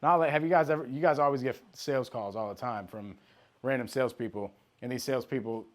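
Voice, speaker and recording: Male sales coach, mid-pitched voice, direct and punchy delivery for a live training session. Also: fast talker. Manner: direct, emphatic, talks straight to trainees by name.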